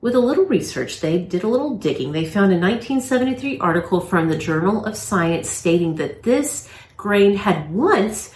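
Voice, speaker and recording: A woman's voice: medium pitch, expressive, normal speed, darkish tone, roomy sound. A woman co-hosting a talk show, upbeat as she reads out her notes. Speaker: co-host. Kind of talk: casual banter.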